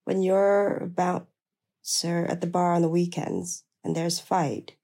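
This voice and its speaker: A fiery woman, quick to rage and quick to swear, as a female narrator puts her on. The voice is low and gravelly, with a dark, mellow tone. The lines come as hot, cursing retorts. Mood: heated.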